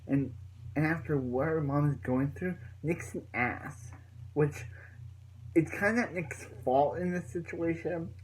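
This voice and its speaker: A man's voice: on the high side, slow pace, a little hiss or hum, rough recording. A young man recapping a TV episode in a casual, rambling way, full of fillers and restarts. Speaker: reviewer.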